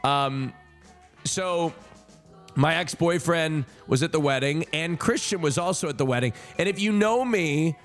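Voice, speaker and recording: A fairly high-voiced man streams to his chat, telling a personal story in a loose, casual way. He swears freely and swings between high, indignant protests and low, earnest tones. Faint music plays behind him. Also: unhurried.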